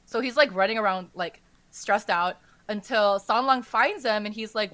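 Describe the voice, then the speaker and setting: A woman podcast host casually retelling a story's plot in a rambling, animated way, saying "like" all the time. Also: mid-range voice, normal speed, no room sound. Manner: rambling and animated, says "like" constantly.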